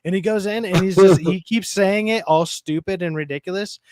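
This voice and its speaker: A man's voice: high-pitched, brisk, a little mellow, slight background noise. A man co-hosting a casual podcast chat, telling rambling stories in a mocking way. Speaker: podcast co-host.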